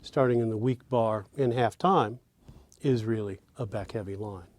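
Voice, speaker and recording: A man teaching songwriting, explaining phrasing in a measured way with small hesitant pauses. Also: on the low side, darkish tone. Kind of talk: explaining song structure.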